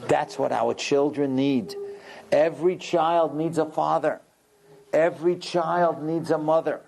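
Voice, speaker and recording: This rabbi's voice is a little high, darkish, and touched with vocal fry, and his pace is moderate. Lecturing on religion, he tells a story with drama, voicing its characters himself.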